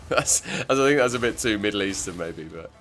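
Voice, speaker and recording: A man's voice: on the low side, animated, moderate pace, a bit bright, slight background noise. A man streaming a game, chatting casually and rambling with lots of filler words. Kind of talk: casual gameplay commentary.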